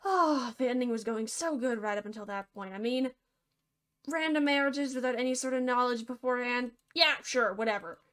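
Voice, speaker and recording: A woman's voice: a little high, moderate pace, fairly bright tone. A young woman narrating a fairy tale with comedy, sarcastic and playful, slipping in mock-cheerful asides. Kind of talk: comedic storytelling over a game video.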